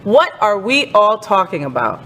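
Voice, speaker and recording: Sassy animated woman host in a reverberant room. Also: mid-range voice, moderate pace, slight background noise. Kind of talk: casual entertainment news chat.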